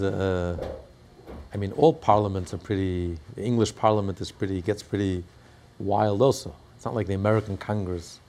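A Torah teacher leads a class on a religious text, telling stories animatedly and letting out loud cries when he acts out quotes. His voice is on the low side.

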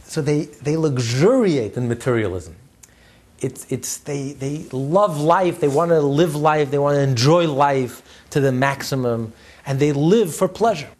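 A husky-voiced man teaching a religious class. His delivery is animated, rising and falling in volume, with frequent chuckles and repeated words as he works through an idea. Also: a little high, measured pace.

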